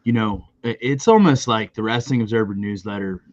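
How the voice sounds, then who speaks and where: A man's voice: lowish voice, fairly quick, darkish tone, dull audio. A man co-hosting a wrestling podcast, chatting casually with loose, profane jokes. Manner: profane, joking, rambling. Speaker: podcast co-host. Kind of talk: casual chat.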